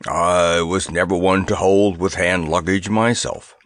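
A man voicing a haughty male elephant who grumbles morosely and sarcastically in a slow, low voice. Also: steady tone, dry recording. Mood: grumbling.

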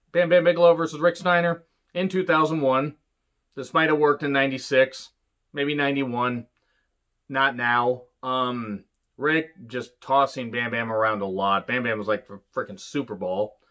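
In a casual solo review of an old wrestling show, a man talks bluntly and swears a lot, dropping into quick mocking impressions of the people he describes. His voice is medium-pitched and fairly bright, though the audio is dull.

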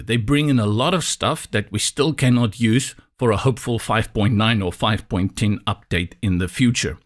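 A man from South Africa whose first language is Afrikaans, walking through a software tutorial step by step with a dry, slightly sarcastic manner. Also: lowish voice, moderate pace, hardly any pauses. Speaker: tutorial instructor. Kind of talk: screen-recorded software tutorial.

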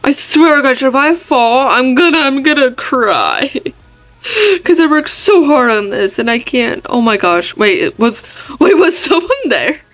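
Young woman chatting thru a game, slow unhurried talk, kinda high voice, some music behind. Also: big pitch swings, fairly bright tone, dry recording. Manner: chatty, easily startled, talks to viewers. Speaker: gaming vlogger. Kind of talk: casual game commentary.

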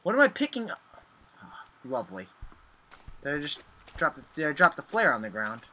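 A young man commentating as he plays a horror game, excitable, with sudden yelps and shouts. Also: a little high, brisk. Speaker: gaming video host. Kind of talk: let's play commentary.

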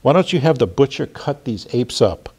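A man's voice: mid-range voice, sing-song, moderate pace, a little mellow, breathy edge, pitched above the performer's own voice. A man reading aloud the part of an exasperated husband complaining about his dinner. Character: fed-up, grumbling husband at the dinner table.

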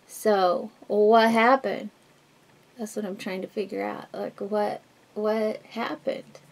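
Woman, husky smoky voice, gravelly edge, mid-pitched, rambling casual chat, fillers and restarts, getting ready at home. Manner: talks while doing her makeup. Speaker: beauty vlogger.

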